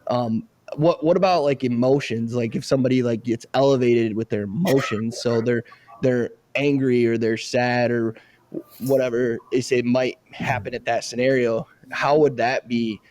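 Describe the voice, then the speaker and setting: A man's voice: mid-range voice, steady tone, normal speed, a little mellow, no room sound. A man hosting a podcast interview, talking in a loose, rambling way full of fillers. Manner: rambling, lots of fillers like "like" and "they say". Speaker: podcast host. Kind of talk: casual interview chat.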